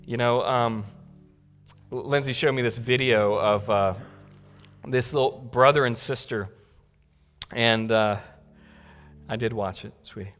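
A man's voice: medium pitch, takes it slowly, pauses often, long reverb tail, faint music behind. A male pastor preaching a sermon in a conversational way that builds to emphatic peaks. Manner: conversational, warm asides, rising to emphatic peaks.

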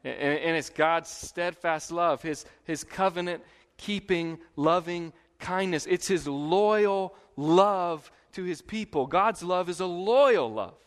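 A man delivers a sermon in a relaxed, chatty way, repeating key lines for emphasis. His voice sits a little high. The recording carries a long, lingering reverb from a large room. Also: slow. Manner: lively, conversational preaching with frequent laughs and emphatic repetition. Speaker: pastor.

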